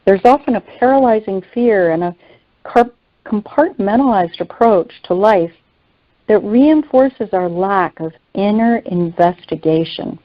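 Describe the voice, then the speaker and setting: A woman reading a devotional teaching aloud in an earnest, measured way. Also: mid-range voice, lively intonation, no echo, lo-fi sound. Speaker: teacher on a faith call.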